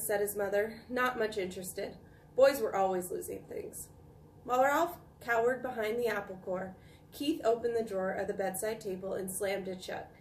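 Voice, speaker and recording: A woman teacher reading a children's chapter book aloud with calm, expressive storytelling. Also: medium pitch, moderate pace. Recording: echoey room, distant mic, faint noise.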